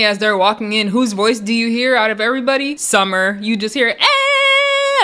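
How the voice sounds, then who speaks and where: A young woman casually recapping a reality show, chatty and animated, laughing often and acting out quotes in loud high bursts.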